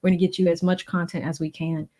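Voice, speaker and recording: Brief: woman streamer from the Boston area, casual and gushing, rattles off shout-outs and thank-yous. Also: on the low side, level tone, fast. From Boston area, USA. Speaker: livestream host of a legal commentary channel. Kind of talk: casual livestream chat, reading viewer donations.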